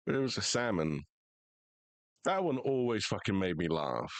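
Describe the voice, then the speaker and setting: Sweary joking American man, lively voice. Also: lowish voice, moderate pace, no room sound. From United States. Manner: profane, joking banter. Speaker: streamer. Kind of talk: casual live gaming chat.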